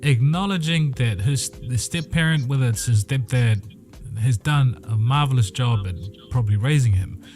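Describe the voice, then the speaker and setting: A man's voice: mid-range voice, normal speed, darkish tone. A man co-hosting a casual panel discussion, speaking earnestly and reflectively as a stepfather. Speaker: podcast co-host.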